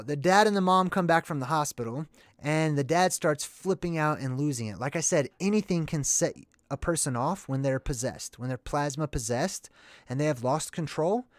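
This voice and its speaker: A man hosting a casual movie commentary video, talking in a chatty, excitable and rambling way. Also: a little high, no echo, studio quality.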